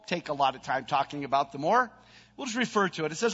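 A middle-aged man, a pastor, preaching a sermon, building to emphatic peaks and then dropping into soft prayer. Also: on the high side, expressive, brisk, husky. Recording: long reverb, dull band, faint music.

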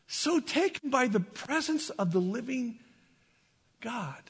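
Halting emotional preacher, high bright voice. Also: male voice, lively intonation, slightly rough, in a large hall. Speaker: pastor. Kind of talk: sermon testimony.

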